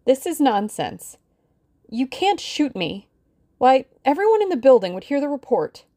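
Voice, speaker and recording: A woman's voice: fairly low pitch, lively intonation, moderate pace, a little mellow. A woman voicing a frightened but brave young woman in an audiobook, her voice shaky and pleading. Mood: defiant. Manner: shaky, pleading, rising to shrieks. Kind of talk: audiobook character reading.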